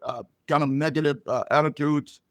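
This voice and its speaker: An older man, a comedian guest, telling stories and jokes in a loud, punchy way. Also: a little high, a little fast, dry recording, studio quality. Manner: loud punchy joke delivery, animated storytelling. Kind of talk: storytelling comedy chat.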